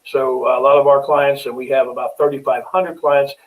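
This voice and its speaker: A middle-aged man talks his way through a webinar on finances in a relaxed, folksy manner, stumbling over ums and restarting sentences. He sits a little back from a camera mic, so his voice sounds slightly distant. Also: mid-range voice, brisk, slight background noise. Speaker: financial consultant. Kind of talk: webinar sales presentation.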